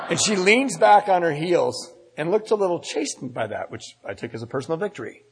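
Husky man telling a story in a reverberant hall. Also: a little high, expressive, brisk, few pauses. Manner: candid, self-deprecating, wry. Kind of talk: live personal storytelling. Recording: long reverb in a large hall.

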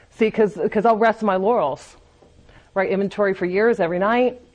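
A woman's voice: medium pitch, unhurried, darkish tone, dull audio. A woman speaking candidly at a recovery meeting, giving a confessional personal testimony and often restarting her sentences.

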